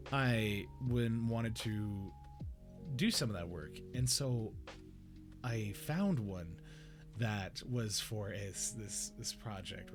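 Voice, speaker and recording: Young male host, casual storyteller, middle pitch, loose and chatty, light music bed. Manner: rambling, animated, many restarts and acted quotes. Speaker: podcast host.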